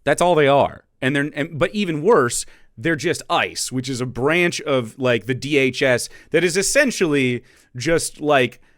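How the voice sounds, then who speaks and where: A man's voice: mid-range voice, unhurried, a bit bright, dry recording, clean studio sound. A man streaming live political commentary in a sarcastic, profane way, laughing often as he reacts to clips.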